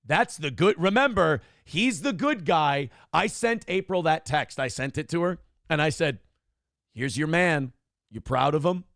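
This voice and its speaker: A man's voice: fairly high pitch, animated, unhurried, a bit bright, dry recording, studio quality. A man hosting a casual morning show, talking in a blunt, profane and sardonic way. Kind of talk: casual podcast chat.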